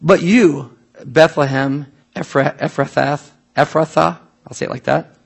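A man preaching a sermon in a church, conversational and animated, full of asides and questions to the congregation. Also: on the high side, a little slow, creaky, slightly rough. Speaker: pastor.

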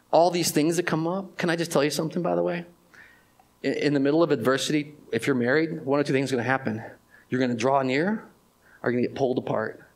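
A man's voice: fairly high pitch, vocal fry. Man preaching a conversational sermon. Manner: conversational preaching, swings between loud emphasis and hushed, drawn-out phrases. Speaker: pastor.

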